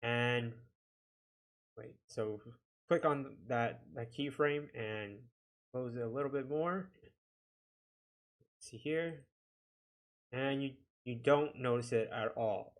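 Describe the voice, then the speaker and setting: A man giving a casual software tutorial, talking himself through each click with a chatty, self-deprecating manner. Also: mid-range voice, slow, long pauses. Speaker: video editing instructor.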